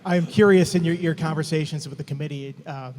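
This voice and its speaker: A man's voice: on the high side, fairly even intonation, fairly quick, a crowd in the background. A man asking a reporter's question at a press conference, speaking hesitantly with fillers. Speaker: sports reporter. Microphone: handheld wireless mic at a distance. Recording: distant, reverberant hall sound.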